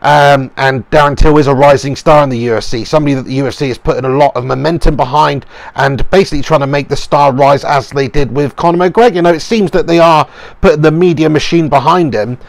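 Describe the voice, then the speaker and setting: A man's voice: a little high, fast, vocal fry, no echo. A young man giving a casual, opinionated reaction as a channel host, rambling with fillers. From England.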